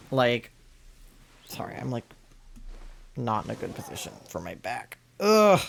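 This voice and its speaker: A man's voice: mid-range voice, creaky, fairly bright tone, a little hiss or hum. A young man livestreaming a game, chatting casually into a headset mic with a rambling, filler-heavy manner. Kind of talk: casual chat while gaming.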